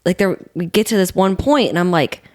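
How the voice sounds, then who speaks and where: A woman's voice: fairly low pitch, brisk. A woman co-hosting a podcast, telling a story in casual chat through a headset mic, with lots of fillers. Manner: animated storytelling, many fillers. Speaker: podcast co-host.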